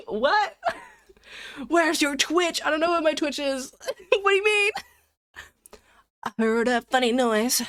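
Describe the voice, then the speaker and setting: Young woman, streamer, giggly, rambling, bright higher voice, dry close mic. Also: lively intonation, takes it slowly, long pauses, no room sound. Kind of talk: casual live-stream chat.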